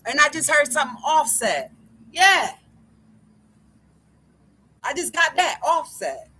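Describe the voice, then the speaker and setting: A woman's voice: sits high, very animated, normal speed, sharp tone. A woman delivering an angry, profane monologue to camera, repeating herself again and again.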